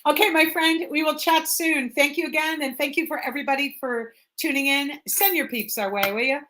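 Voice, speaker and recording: A woman realtor hosting a casual live stream interview over a video call, chatty and quick to laugh as she fires off questions. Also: high-pitched, pushed and bright. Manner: chatty, laughs easily, rapid-fire questions.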